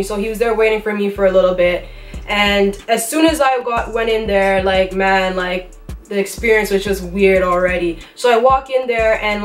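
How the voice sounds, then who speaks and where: A woman's voice: medium pitch, distant mic. A young woman with a Toronto accent telling a story to camera in a casual, slangy, blunt way. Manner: slangy, blunt delivery she calls rough. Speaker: vlogger. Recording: roomy sound from off-mic, faint music.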